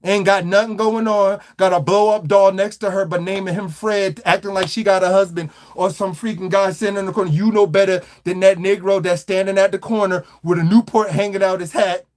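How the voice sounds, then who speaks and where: A man's voice: sits high, steady tone, brisk, hardly any pauses, darkish tone. A man hosting a livestream, ranting animatedly and mockingly with slang, repeated phrases and stuttered restarts. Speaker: livestream host. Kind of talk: livestream rant.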